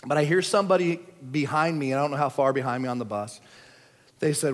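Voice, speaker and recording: Pastor with a high voice, animated storytelling sermon; long hall reverb. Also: male voice, quick pace. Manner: animated storytelling, dropping to a hush for quiet moments. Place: large church hall.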